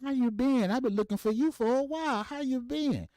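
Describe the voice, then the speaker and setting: A man playing his loud, jovial older father, talking in a boisterous, folksy way. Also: very high voice, a little fast, no room sound, voice pushed up. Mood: excited.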